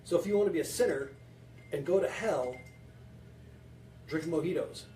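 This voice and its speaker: Rambling joking man with a high voice. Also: expressive, moderate pace, dark tone, slight background noise. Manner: rambling, joking, talks to viewers. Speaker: home bartending show host. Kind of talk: joking casual cocktail demo. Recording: echoey room, distant mic.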